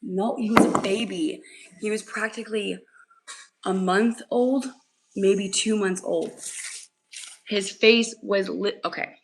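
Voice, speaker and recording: A woman's voice: medium pitch, fairly even intonation, slow pace, long pauses, poor audio. A young woman talking casually on a livestream, telling a story in an emotional, rambling way with lots of fillers. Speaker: livestream host.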